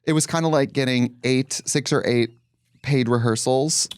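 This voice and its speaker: A man's voice: mid-range voice, steady tone, moderate pace, clear, resonant tone. A man co-hosting a podcast, telling rambling stories in casual chat. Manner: chatty, rambling storyteller. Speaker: podcast co-host.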